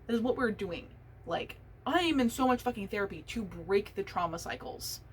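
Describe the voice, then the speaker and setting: A woman's voice: mid-range voice, animated, moderate pace, slight background noise, low-quality recording. A young adult woman hosting a solo podcast, talking candidly in a rambling, casual way with frequent swearing. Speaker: podcast host.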